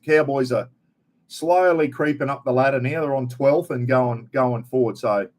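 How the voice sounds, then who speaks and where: A man's voice: mid-range voice, normal speed, a little mellow. A middle-aged Australian man hosting a casual live chat, talking in a rambling, blokey, slangy way straight to his viewers. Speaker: live stream host.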